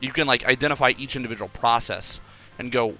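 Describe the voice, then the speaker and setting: A young man coaching a player over a call in a casual, animated way, often acting out his own thoughts aloud. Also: medium pitch, quick pace.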